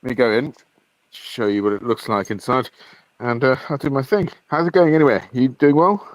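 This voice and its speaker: A man's voice: mid-range voice, brisk, no echo, rough recording. Laid-back man giving a walk-around tour. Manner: laid-back, friendly, says bro and cheers. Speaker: guest showing his holiday cabin. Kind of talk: casual walk-around chat.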